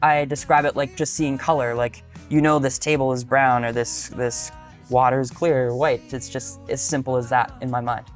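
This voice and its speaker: A man's voice: medium pitch, little pitch movement, faint music behind. Easygoing young man in his twenties. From Canada. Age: 20s. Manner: easygoing, grateful, quick restarts. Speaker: singer-songwriter guest. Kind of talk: casual interview answers.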